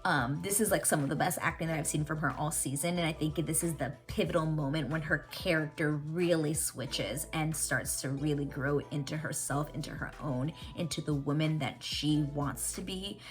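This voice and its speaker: A woman recapping a TV episode in casual reaction chat, animated and excitable, swearing freely. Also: sits low, moderate pace, hardly any pauses, faint music behind. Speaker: TV reaction vlogger.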